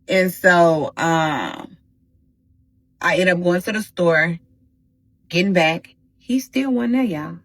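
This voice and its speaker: A woman hosting a casual storytime vlog, talking straight to her viewers in an animated, slangy way. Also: fairly low pitch, takes it slowly, pauses often, no room sound, low-quality recording. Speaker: storytime host.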